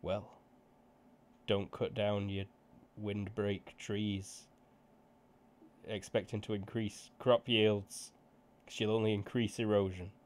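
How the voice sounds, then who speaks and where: Slow, low-voiced male game master. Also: flat delivery. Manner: joking, rambling with self-corrections. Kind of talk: narrating a tabletop game.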